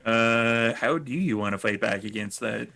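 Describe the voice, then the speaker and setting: A man narrating as game master of a tabletop game, explaining rules in a relaxed, joking way. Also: mid-range voice, moderate pace, gravelly.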